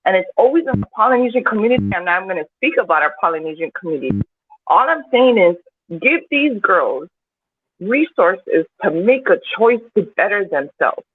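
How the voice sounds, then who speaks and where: A woman appears as a guest in a podcast discussion, her mid-range voice swinging widely in pitch at a normal speed. She speaks with raw emotion and heavy swearing, growing more impassioned and profane as she goes. The call sounds tinny and phone-like, with a faint hiss.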